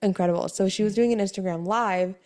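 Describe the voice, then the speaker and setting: A young pregnant woman co-hosting a podcast, chatting casually and telling a story with animated quoted voices and frequent laughs, worn out from sickness. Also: medium pitch, quick pace. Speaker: podcast co-host. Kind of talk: casual chat.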